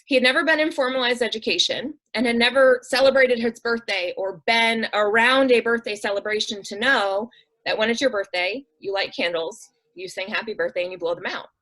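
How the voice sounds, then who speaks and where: A nonprofit director, interviewed on a show, shares heartfelt stories in an earnest, conversational style, voicing the people she quotes and saying "um" and "like" often. Her voice is fairly high and fairly bright, a little fast, in a rough recording.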